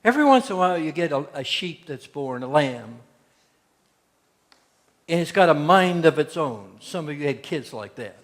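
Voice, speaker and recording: A man's voice: on the high side, big pitch swings, moderate pace. A man preaching a sermon as pastor, telling folksy stories and acting out quotes. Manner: folksy storytelling with acted-out quotes. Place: church sanctuary. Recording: long church hall reverb.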